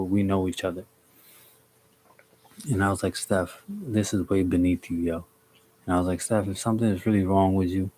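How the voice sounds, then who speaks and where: Low, flat-voiced young man storyteller. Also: slight background noise. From DC, Maryland, Virginia area. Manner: relaxed, slangy, talks to viewers by name. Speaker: live streamer. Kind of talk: casual storytelling on a livestream.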